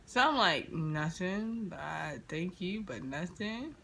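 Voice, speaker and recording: A young woman in a casual storytime vlog, retelling an encounter with lively slang and quoted dialogue. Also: lowish voice, slow, creaky, slight background noise. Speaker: vlogger. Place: indoors near a street, car noise outside.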